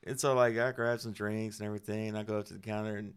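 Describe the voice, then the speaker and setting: A man's voice: fairly low pitch, flat delivery, racing, smooth. A middle-aged man, a guest musician, rambling through stories in casual podcast chat and swearing freely.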